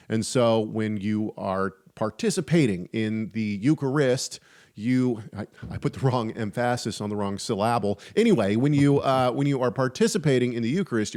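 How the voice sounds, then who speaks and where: A man's voice: fairly low pitch, a little mellow. A man hosting a podcast, discussing theology casually with frequent restarts and wry humor. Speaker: podcast host.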